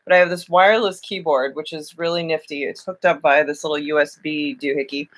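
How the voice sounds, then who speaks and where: A woman's voice: deep voice, steady tone, fairly quick. A young woman chatting casually on a home live stream, self-deprecating, drifting in and out of a put-on British lilt. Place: home room at night.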